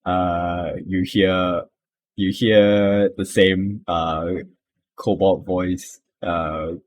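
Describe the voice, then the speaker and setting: A man narrating as game master of a tabletop game, halting and laughing often. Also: sits low, flat delivery.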